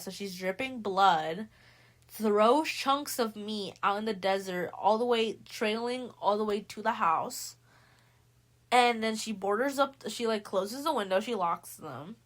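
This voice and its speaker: A young woman talking fast and loose as she recaps a book, heavy on slang and swearing. She throws herself into the characters' lines with sudden bursts of voice, keeping a loose, unscripted chat feel. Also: mid-range voice. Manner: animated, acts out characters' lines in quick voices. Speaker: podcast host.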